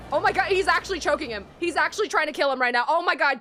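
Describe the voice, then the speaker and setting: A woman streaming a video game, chatting casually with excitable, slangy reactions. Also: high-pitched, racing, hardly any pauses, soft background music.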